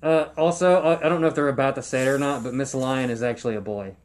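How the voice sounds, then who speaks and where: A man's voice: medium pitch, quick pace. A man co-hosting a podcast in casual chat, eagerly interjecting explanations and corrections. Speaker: podcast co-host.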